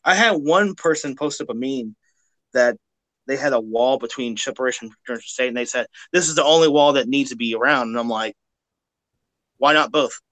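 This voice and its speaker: A man's voice: mid-range voice, brisk, no echo. A man from Kentucky with a Southern accent, talking bluntly and with lots of swearing in a casual live-stream chat, often repeating words as he goes. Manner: blunt, profane, laughs loudly, stammers with repeated words.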